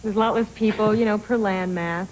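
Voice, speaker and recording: An actress as a talk show guest, bubbly and chatty, laughing easily. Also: female voice, medium pitch, steady tone, fairly quick, slight background noise, low-quality recording. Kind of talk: casual TV interview.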